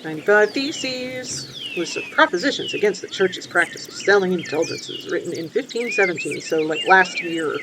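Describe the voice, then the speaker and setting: A woman's voice: fairly low pitch, huge pitch swings, a little fast, few pauses, noisy background. A woman talking casually as she plays a game, explaining its history with plenty of ums and asides. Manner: chatty, full of ums and asides. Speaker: book historian playing a game. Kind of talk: casual commentary while playing.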